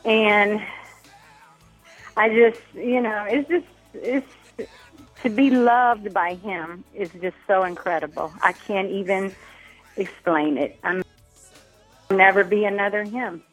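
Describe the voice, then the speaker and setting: A woman calling in to a radio show speaks softly and emotionally, often pausing to search for words. Her pitch is middling. Faint music sits under the call. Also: rough recording. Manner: soft, moved, searching for words. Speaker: caller, widow. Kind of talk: emotional phone-in tribute.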